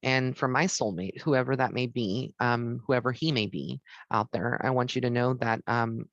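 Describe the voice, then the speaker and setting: A man's voice: mid-range voice, steady tone, normal speed, hardly any pauses, a bit bright, no echo, highs cut off. A man who works as a psychic medium gives a heartfelt, rambling holiday message from his home to the camera, with many ums.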